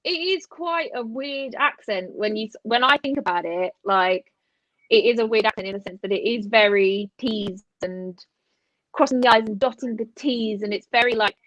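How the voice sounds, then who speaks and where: A woman with an English accent chatting casually, laughing often and filling pauses with ums. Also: a little high, fairly bright tone, dry recording, muffled recording. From England. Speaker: band member guest. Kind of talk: casual chat.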